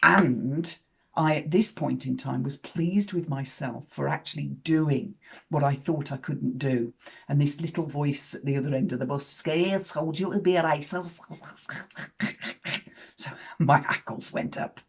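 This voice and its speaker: Husky, frank woman in her fifties. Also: a bass voice, normal speed. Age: 50s. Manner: frank and swearing, with emphatic swings in loudness. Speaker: storyteller. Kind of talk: spoken personal story.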